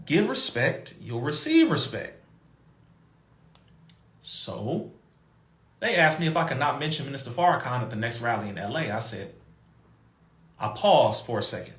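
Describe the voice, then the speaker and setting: A man telling a story in an emphatic, animated way, mimicking other people's voices and laughing between points. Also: medium pitch, normal speed, pauses often, echoey room. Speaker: podcast guest.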